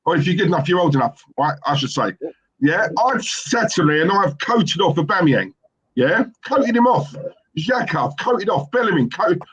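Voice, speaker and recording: A man's voice: high-pitched, very animated, normal speed, a bit bright, slightly rough, lo-fi sound. A man hosting a casual football fan stream, emphatic, always checking "right?". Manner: emphatic, keeps asking "right?". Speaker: fan show host.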